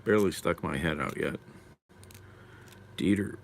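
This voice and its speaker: A man's voice: low-pitched, a little slow, vocal fry, slight background noise. A man live streaming while eating lunch, chatting casually and wryly answering comments from chat.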